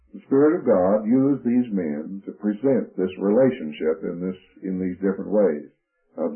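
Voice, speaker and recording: A man giving a methodical Bible lesson, working through his points by number and letter in a radio broadcast. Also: low-pitched. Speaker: Bible teacher. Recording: phone-like narrow radio broadcast.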